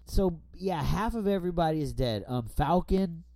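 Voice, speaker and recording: Very mellow, tipsy podcast host. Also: male voice, on the high side, animated, moderate pace, hardly any pauses, no room sound. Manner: rambling and profane. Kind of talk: casual chat. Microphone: borrowed studio microphone.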